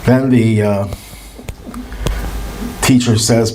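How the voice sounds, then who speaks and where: A man's voice: lowish voice, normal speed, darkish tone. Guy rabbi telling stories, chuckles at his punchlines, faint hiss behind. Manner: anecdotal, chuckles at his own jokes. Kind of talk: storytelling talk.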